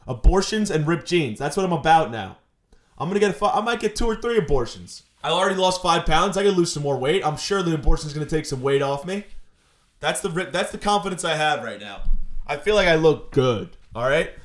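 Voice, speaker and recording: A man's voice: on the high side, lively intonation, brisk. Crude, sarcastic young man. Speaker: podcast host. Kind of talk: comedic monologue.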